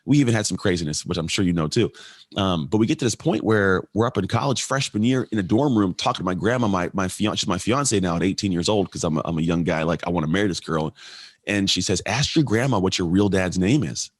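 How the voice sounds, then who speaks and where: Deep-voiced man telling his story. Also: fast, dry recording. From California. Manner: animated, acts out quoted voices. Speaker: podcast guest. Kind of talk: storytelling in an interview.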